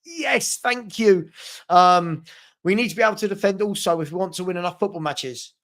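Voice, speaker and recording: A man's voice: sits high, normal speed, fairly bright tone. A man hosting a casual live fan chat, thanking viewers by name and answering the chat. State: hiccups. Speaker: fan channel host.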